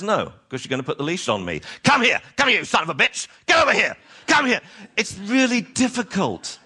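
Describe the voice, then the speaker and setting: Speaking at a fairly high pitch, a man gives a lively talk to an audience as a dog trainer, acting out both owners and dogs in funny voices.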